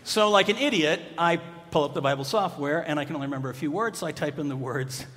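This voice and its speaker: A man preaching a sermon in a church, conversational and joking, rising to loud emphatic bursts. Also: on the high side, quick pace, long reverb tail. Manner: humorous, conversational, builds to loud emphatic peaks. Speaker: pastor. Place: church sanctuary.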